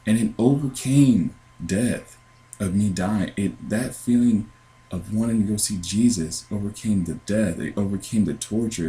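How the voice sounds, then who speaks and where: Speaking into a computer with headphones, a man recounts his dreams for his Christian podcast, wandering through fillers and restarts in an earnest, casual way. His voice is low-pitched and mellow, and the recording is low quality.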